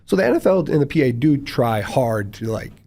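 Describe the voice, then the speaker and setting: A man, a former professional football player, chatting casually as a guest in an interview, talking quickly with many fillers. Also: mid-range voice, sing-song, gravelly, warm tone. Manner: quick, rambling, frequent fillers.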